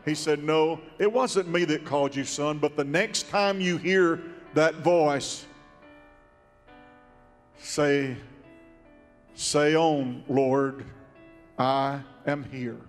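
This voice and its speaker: A man preaching from the pulpit of a church, his voice a little high and unhurried. He delivers his sermon in a slow, drawn-out cadence that now and then lifts into song. The sanctuary carries a long reverb, with soft instrumental music underneath. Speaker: pastor.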